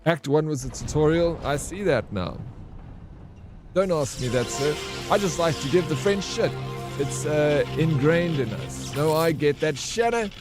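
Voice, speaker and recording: A man's voice: a little high, a little slow, over music. Joking South African man streaming games. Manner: joking, teasing banter, greets and thanks viewers. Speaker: variety streamer. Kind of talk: casual live-stream chat while gaming.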